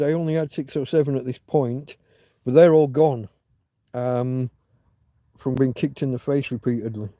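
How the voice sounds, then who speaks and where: A man's voice: mid-range voice, mellow, no echo. A man hosting a casual livestream chat, telling a long story with many restarts and fillers, candid and swearing now and then. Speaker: livestream host.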